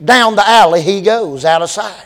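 A man preaching a storytelling sermon, animated and building to shouted exclamations. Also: high voice, normal speed. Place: large church sanctuary. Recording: long reverb of a large hall.

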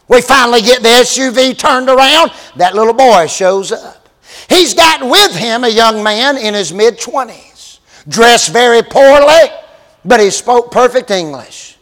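A man preaching a storytelling sermon, animated and building to shouted exclamations. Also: extremely high pitch, unhurried. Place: large church sanctuary. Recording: long reverb of a large hall.

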